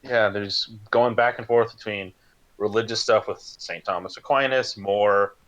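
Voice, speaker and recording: A man's voice: lowish voice, fairly even intonation, unhurried, a bit bright. A man joining a casual live-streamed book club discussion, adding wry, joking asides.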